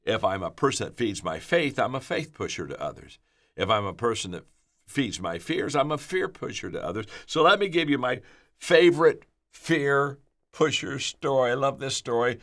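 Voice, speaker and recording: A man's voice: mid-range voice, expressive, normal speed, fairly bright tone. A man giving a motivational leadership talk, repeating key phrases for emphasis and telling stories. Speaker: leadership speaker.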